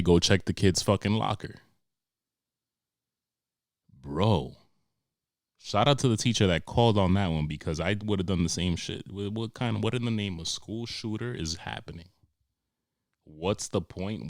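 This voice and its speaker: A young man, hosting a podcast and telling comic stories in a profane, animated way with sarcastic asides. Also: sits low, normal speed, pauses often, no echo, studio quality. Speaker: podcast host. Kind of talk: comedic monologue.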